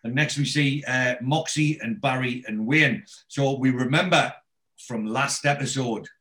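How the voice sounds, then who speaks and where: Speaking at an unhurried pace with a medium pitch and a touch of brightness, this male podcast host walks through an episode recap in a relaxed way. He narrates scenes, quotes dialogue, and keeps stopping to start sentences over.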